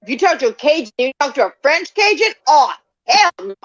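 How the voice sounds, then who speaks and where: Lively high-voiced woman, dry lo-fi audio. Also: a little fast, no echo. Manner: animated, lots of "like", acts out quotes. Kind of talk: casual chat.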